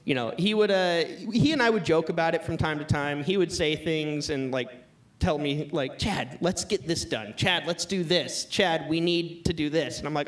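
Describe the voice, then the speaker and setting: A man's voice: a little high, animated, moderate pace, a bit bright. A man doing a live stand-up set on a club stage, telling a crude, self-mocking story and laughing at his own lines. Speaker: stand-up comedian.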